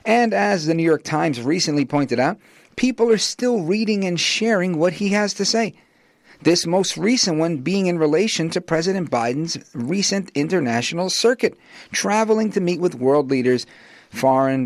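A man hosting a talk radio show as a fill-in, energetic and promotional in a conversational way. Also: on the high side, moderate pace, no room sound.

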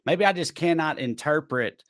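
A man's voice: on the high side, expressive, moderate pace, fairly bright tone, no echo. Dry-sounding man riffing on a comedy podcast. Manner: loose, profane, jumps into silly put-on accents. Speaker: podcast co-host. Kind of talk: live improv comedy chat.

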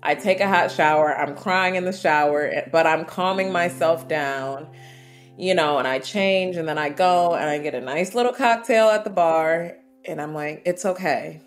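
A woman from the United States, a guest in an interview, telling personal travel stories in a vivid, animated way with quoted asides. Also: deep voice, normal speed, soft background music. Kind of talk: storytelling interview.

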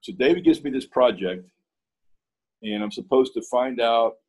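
A man's voice: medium pitch, animated, normal speed, a little mellow, breathy edge, poor audio. A man from Pittsburgh, a guest in an interview, telling a story in a casual way and acting out both sides of the dialogue.

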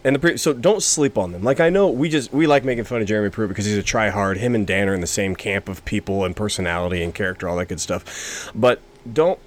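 A man co-hosting a casual sports chat, sarcastic and lively in his jabs. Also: lowish voice, fast talker, few pauses. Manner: sarcastic, animated. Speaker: sports podcast co-host.

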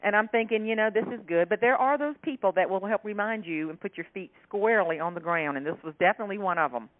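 A woman's voice: mid-range voice, fast talker. Laughing woman humorist on a phone line. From South Carolina, US. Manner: animated, laughing storyteller. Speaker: author and humorist guest. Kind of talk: storytelling interview chat.

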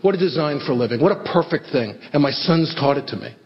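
A middle-aged man doing stand-up storytelling, self-deprecating and animated. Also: on the high side, fast. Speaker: stand-up comedian. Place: theater stage before an audience. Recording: echoey hall, dull lo-fi sound, faint hiss.

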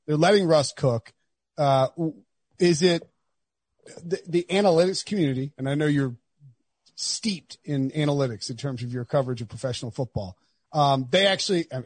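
A man hosting a sports podcast in a loose, joking way, often restarting his sentences. His voice sits a bit high and has a husky edge. The recording is dry and close, with no room sound. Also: no room sound. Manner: rambling, jokey, restarts often. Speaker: podcast host. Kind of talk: casual sports podcast chat.

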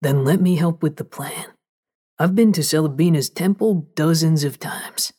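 Woman voicing a husky, easygoing young man. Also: low-pitched, moderate pace, warm tone, pitched below the performer's own voice. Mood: earnest. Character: laid-back, eager-to-help young man. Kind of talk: audiobook character voice.

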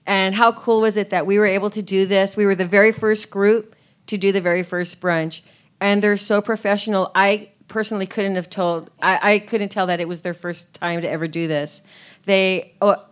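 A woman chatting on a live podcast panel, talking warmly and laughing often. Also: mid-range voice, fairly even intonation, moderate pace, smooth. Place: theater on a cruise ship, live audience.

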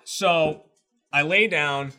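A man's voice: on the high side, extremely slow, faint music behind. A man on a casual podcast, telling a story with lots of swearing and acted-out quotes. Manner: animated storytelling, swears a lot, acts out quotes. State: shaved head. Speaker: podcast co-host. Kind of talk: casual chat.

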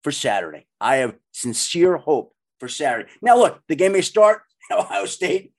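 A man hosting a sports podcast, talking in an animated, emphatic and excitable way. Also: a little high, moderate pace. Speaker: podcast host. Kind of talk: casual sports chat.

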